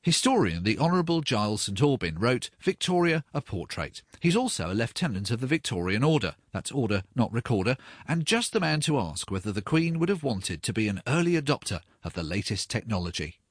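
Male narrator, husky low voice, lively delivery, dry studio sound. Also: a little fast, hardly any pauses, no room sound. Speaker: podcast presenter. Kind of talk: documentary narration.

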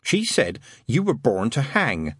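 A man reading aloud, voicing a tearful, wary young woman in an audiobook with a gentle, lightly raised voice. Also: mid-range voice, huge pitch swings, unhurried, breathy edge, no room sound, studio quality, exaggerated voice. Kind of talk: audiobook character voice.

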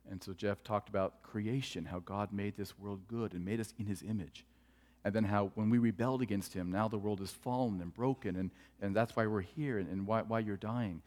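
A man preaching a sermon as pastor, telling stories earnestly and dropping to hushed tones for tender moments. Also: on the low side, moderate pace. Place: church sanctuary. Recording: long church hall reverb.

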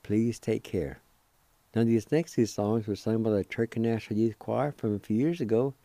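Guy giving a slow patient radio vocab lesson, deep mellow voice, dry sound. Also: steady tone, no room sound. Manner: spells words letter by letter and repeats them; politely encouraging. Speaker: radio host teaching vocabulary.

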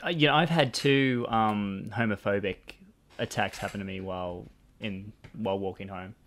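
A man's voice: fairly low pitch, moderate pace, a bit bright, slight background noise. A young Australian man chatting casually on a podcast, telling a personal story with frequent restarts and fillers. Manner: conversational storytelling with many restarts. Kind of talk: casual chat. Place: Brisbane.

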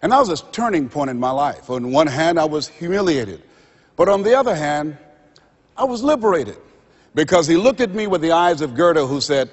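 A man delivers a motivational speech from a stage, his pitch swooping high and low as he builds each point like a preacher. His voice has a husky edge, and the lo-fi recording carries a long echo from a big hall. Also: sing-song, normal speed. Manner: dramatic, acts out quoted voices, preacher-like build-ups. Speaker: motivational speaker. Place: stage in a large hall with a live audience. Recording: lo-fi recording in a large reverberant hall.

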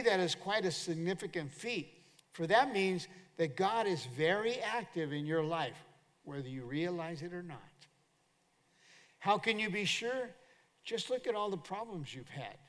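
Older male pastor preaching in a hall. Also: high-pitched. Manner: animated preaching with call-and-response to the congregation. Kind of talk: sermon. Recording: long hall reverb.

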